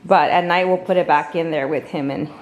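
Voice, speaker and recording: A woman's voice: low-pitched, fairly even intonation, brisk. A woman chatting casually through a home vlog while filming handheld, rambling with restarts and talking baby-talk to her pets. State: a little out of breath. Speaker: vlogger. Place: home indoors. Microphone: handheld camera.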